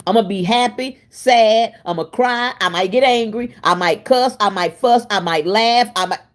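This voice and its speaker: A woman hosting a casual cooking livestream, chatty and expressive, laughing and answering her viewers while she cooks in her home kitchen. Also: a little high, moderate pace. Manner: chatty and expressive, laughing and talking back to chat. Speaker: livestream host.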